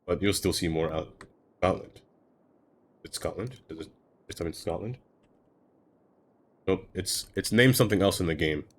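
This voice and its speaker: A man's voice: low voice, lively intonation, normal speed, long pauses, a little hiss or hum. A man streaming live, chatting casually to himself as he builds in a game, rambling and trailing off into fillers.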